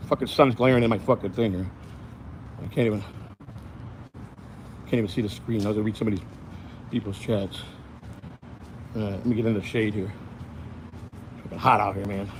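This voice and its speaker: A man's voice: lowish voice, fairly even intonation, moderate pace, long pauses. A man ranting angrily and profanely on a phone livestream while standing outdoors in the hot sun. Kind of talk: livestream rant. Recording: outdoor phone stream with traffic noise.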